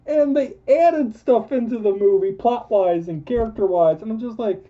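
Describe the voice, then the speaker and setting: A man's voice: high voice, normal speed. Exasperated man ranting about movies. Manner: exasperated, emphatic, repetitive. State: losing his voice. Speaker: movie reviewer. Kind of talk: ranting film review vlog. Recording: dull lo-fi recording.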